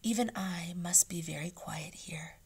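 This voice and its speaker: A gracious old-world caliph from a storybook, wise and kind, speaking softly and courteously, as a woman reads him aloud. His voice sits at a middling pitch and stays gentle. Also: normal speed, lightly acted. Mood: hushed. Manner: hushed, gentle, courteous speech. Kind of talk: read-aloud storybook role.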